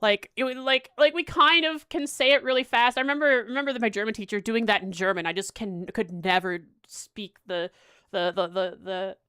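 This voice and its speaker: A young woman livestreaming as she plays a quiz, chatting casually and thinking aloud with halting restarts. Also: mid-range voice, sharp tone, clean tone, no room sound. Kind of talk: casual livestream chat while playing a quiz.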